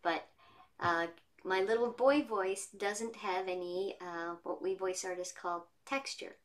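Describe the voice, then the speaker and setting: A woman voice actress chatting as an interview guest from her home studio, telling stories in a lively way. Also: medium pitch, slow. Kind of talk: casual interview chat.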